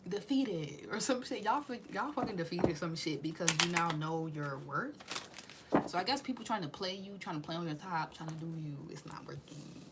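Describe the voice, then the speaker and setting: A woman's voice: lowish voice, noisy background. A woman doing a casual tarot reading in slangy, profane speech, with sudden drops into whispers. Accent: Southern US. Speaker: tarot reader.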